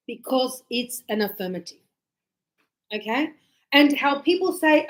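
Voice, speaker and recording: A middle-aged woman teaching English, explaining lively and acting out little dialogues. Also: high-pitched, moderate pace. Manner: animated, acts out little dialogues.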